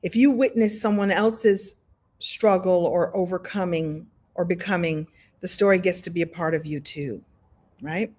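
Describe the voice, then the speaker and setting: A woman teaching a live online storytelling workshop, talking in an animated, conversational way with many repetitions. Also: lowish voice, unhurried. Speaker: story coach. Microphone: video call.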